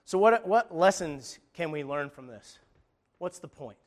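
A man's voice: on the high side, expressive, a little slow. Man preaching a conversational sermon. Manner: emphatic, conversational with restarts and scripture readings.

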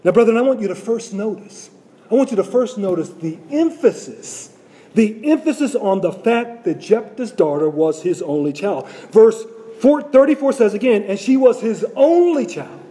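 A man's voice: high voice, lively intonation, normal speed, dark tone. A man preaching a sermon to his congregation, repeating phrases and asking rhetorical questions.

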